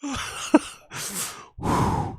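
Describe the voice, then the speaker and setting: A man's voice: very slow, a bit bright. A man hosting his own show, swearing and ranting in disbelief as he reacts to clips. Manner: profane, incredulous ranting. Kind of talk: casual livestream commentary.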